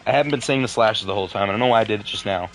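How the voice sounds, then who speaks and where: A man casually reading a horror story aloud for his video, breaking off for deadpan asides and the odd curse. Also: on the low side, rapid-fire, soft background music. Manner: deadpan asides, swears in frustration.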